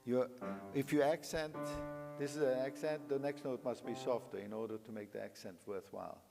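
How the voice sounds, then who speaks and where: An older man with a creaky, mid-range voice and steady tone coaches a young pianist in a master class at a moderate pace. He sings phrases aloud and gives emphatic, coaxing directions, while piano plays in a large hall with long reverb.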